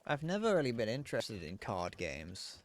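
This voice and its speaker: A man's voice: mid-range voice, wildly swooping pitch, normal speed. A man livestreaming a game, rambling casually and muttering to himself between remarks. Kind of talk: casual chat while gaming.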